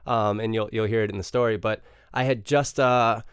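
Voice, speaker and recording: A man telling a story as a podcast guest, relaxed and self-mocking, with ums along the way. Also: lowish voice, normal speed, clean tone, no room sound, studio quality. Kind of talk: casual chat.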